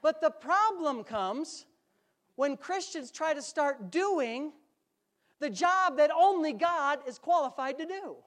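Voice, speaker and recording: A man's voice: very high voice, animated, takes it slowly, fairly bright tone. Male pastor, conversational sermon, easygoing jokes with the congregation, church sanctuary.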